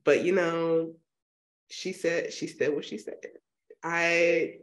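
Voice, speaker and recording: Lower-voiced woman gushing about a movie. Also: fairly even intonation, slow pace. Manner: enthusiastic, quotes people in an upbeat voice. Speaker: podcast co-host. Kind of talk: casual chat.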